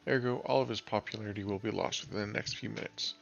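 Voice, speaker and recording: A man's voice: on the low side, steady tone, quick pace, gravelly, highs cut off, faint music behind. A man voicing a pedantic male know-it-all explaining his calculations. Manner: pedantic, matter-of-fact.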